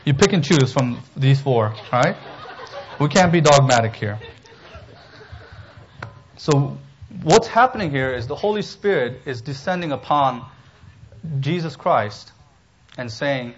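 A man preaching an expository sermon as pastor, emphatic and animated, with humorous asides. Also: medium pitch, moderate pace, pauses often, dull audio.

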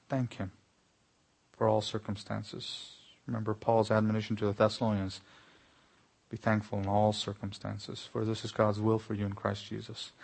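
Male pastor, husky tone, earnest sermon delivery with emphatic rises. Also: on the low side. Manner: earnest preaching, rising to exclamations.

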